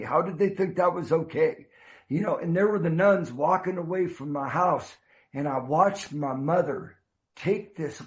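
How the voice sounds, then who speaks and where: A man in his fifties or older shares his recovery story with earnest, halting warmth, often restarting his sentences and dropping in a casual "man.". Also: fairly high pitch, vocal fry. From United States. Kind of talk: heartfelt personal storytelling.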